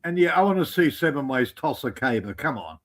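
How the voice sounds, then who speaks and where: A man's voice: medium pitch, sing-song, a little fast. A man co-hosting a casual live-stream chat, teasing and joking with wry asides.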